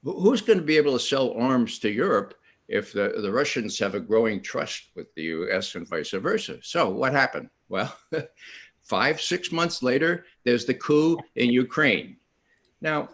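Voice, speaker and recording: An older man speaks at an online panel in an animated storytelling manner. His pitch swings widely while he acts out quotes. He often breaks off and restarts his sentences. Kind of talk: storytelling talk at an online event.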